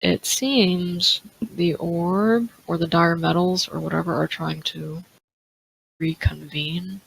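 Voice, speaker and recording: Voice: medium pitch, steady tone, slow pace, vocal fry, a bit bright, a little hiss or hum, poor audio. A player speaking in character during a tabletop role-play, hesitant and thinking aloud with small laughs.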